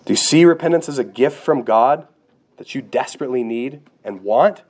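A man's voice: mid-range voice, animated, normal speed, a little mellow. A man preaching a sermon, earnest and direct, asking his listeners rhetorical questions. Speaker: pastor.

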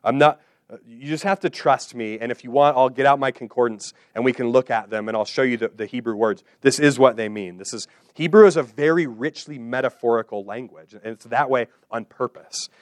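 A man's voice: medium pitch, a little fast, dry recording, studio quality. A man preaching an expository sermon, repeating phrases in rhythmic runs that build up and then settle.

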